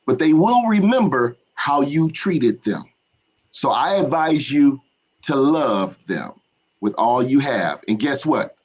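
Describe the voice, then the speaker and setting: A man's voice: mid-range voice, very animated, slow pace, muffled recording. A man speaking as a guest educator on a podcast, earnest and encouraging. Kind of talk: casual podcast talk.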